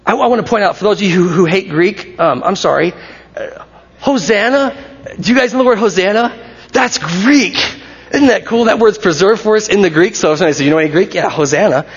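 A man preaching a sermon in a lively, conversational way, to his congregation in a church. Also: high voice, a little fast, slightly rough. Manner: animated, conversational, acts out crowd shouts. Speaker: pastor. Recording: dull recording with long hall reverb.

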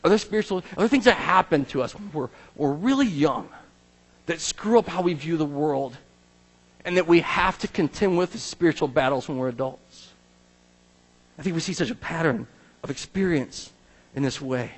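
A male pastor preaching a sermon to a church, animated, acting out the Bible's voices. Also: on the high side, normal speed, breathy edge. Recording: long reverb of a large hall.

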